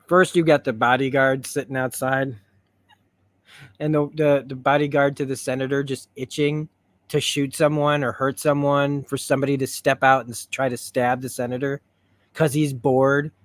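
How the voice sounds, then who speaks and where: A man reviewing a TV episode in a rambling, excitable way, retelling scenes as he goes. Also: medium pitch, normal speed, dry recording. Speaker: show reviewer. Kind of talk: stream-of-consciousness review.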